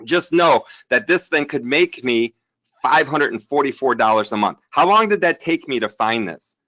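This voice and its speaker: A man in his thirties hosting a live sales webinar, upbeat and chatty, talking to the viewers in the chat while he demos software. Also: mid-range voice, lively intonation, normal speed. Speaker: webinar host.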